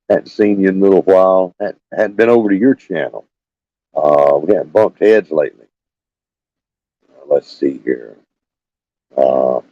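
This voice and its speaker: An older man, chatting haltingly with many fillers while hosting a live stream from his phone. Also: low-pitched, dark tone, no echo, highs cut off. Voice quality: scratchy. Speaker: homestead channel host. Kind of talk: casual live stream chat. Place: small room with fans running.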